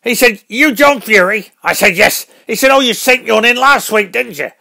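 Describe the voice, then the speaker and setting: A man voicing a boastful, hot-headed older boxing dad who gets loud and worked up. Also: very high voice, normal speed, gravelly, heavily acted.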